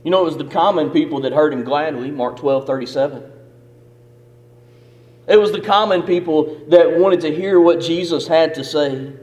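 Man, preaching, emphatic repeated phrases, high voice, long hall reverb. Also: normal speed, a little mellow. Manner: emphatic, repetitive preaching cadence. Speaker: pastor. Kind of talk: sermon.

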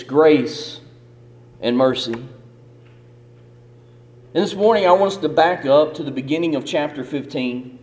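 Man, preaching, emphatic repeated phrases, high voice, long hall reverb. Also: a little mellow. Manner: emphatic, repetitive preaching cadence. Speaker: pastor. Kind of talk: sermon.

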